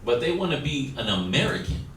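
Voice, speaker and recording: A man's voice: medium pitch, big pitch swings, fairly quick, fairly bright tone. A man teaching a Bible study class, exhorting his listeners and acting out quoted dialogue. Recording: echoey room, distant mic, faint noise.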